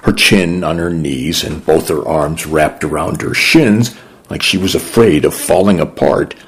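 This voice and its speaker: A man narrating a first-person story in a measured, gentle, reflective way. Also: a bass voice, slightly rough.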